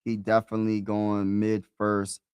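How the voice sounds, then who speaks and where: A man's voice: on the low side, completely flat delivery, moderate pace, darkish tone, clean tone, no echo. Chatty man live-streaming to his chat. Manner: talks to chat, repeats himself, casual slang. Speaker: sports streamer.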